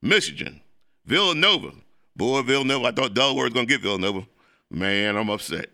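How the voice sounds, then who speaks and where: A man hosting a show as a preacher, delivering an emphatic, repetitive preaching monologue that turns excitable when it moves to sports. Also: mid-range voice, brisk, no echo, clean studio sound. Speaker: preacher and host.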